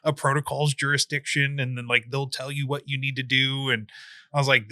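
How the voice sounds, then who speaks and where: A man's voice: medium pitch, little pitch movement, brisk, pushed and bright, dry recording, clean studio sound. A man hosting a podcast interview, chatting casually with a self-deprecating, jokey manner. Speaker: podcast host.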